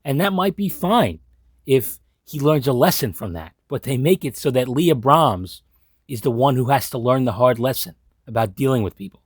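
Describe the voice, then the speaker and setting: Husky, sarcastic male commentator. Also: medium pitch, lively intonation, normal speed, no echo, studio quality. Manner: sarcastic, incredulous, profane. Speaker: commentary host. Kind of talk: casual episode commentary.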